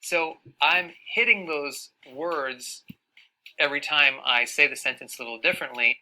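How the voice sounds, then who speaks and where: A man presenting a video, speaking deliberately as he demonstrates emphasis. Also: a little high, bright, forceful tone, poor audio.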